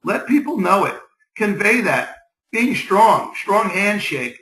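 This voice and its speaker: A man with a bright, forceful voice, a bit higher than most, gives a motivational business talk. He drives his points home with short, repeated exhortations. His voice rings around an echoey room. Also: sing-song, takes it slowly. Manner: upbeat, repetitive exhortations. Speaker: business networking presenter. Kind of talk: motivational presentation.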